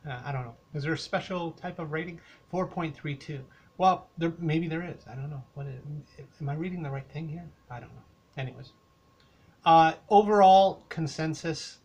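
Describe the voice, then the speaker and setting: Older Canadian man who vlogs beer reviews; rambling, hesitant delivery, middle pitch, with slight noise in the background. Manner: rambling, hesitant, many fillers.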